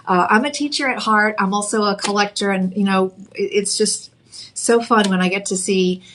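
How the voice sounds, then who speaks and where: A woman's voice: mid-range voice, normal speed, fairly bright tone, a little hiss or hum. A woman with a Texan accent hosting a live jewelry shopping show, chatty and upbeat with casual fillers. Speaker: shopping channel jewelry host.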